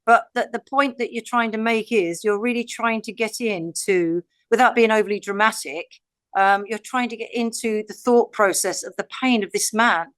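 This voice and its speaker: A woman's voice: fairly high pitch, steady tone, normal speed, fairly bright tone, no echo. A woman with an English accent co-hosting a casual Bible study, speaking heartfelt and often restarting her sentences. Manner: heartfelt, many restarts and repeated words. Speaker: podcast co-host, scripture reader.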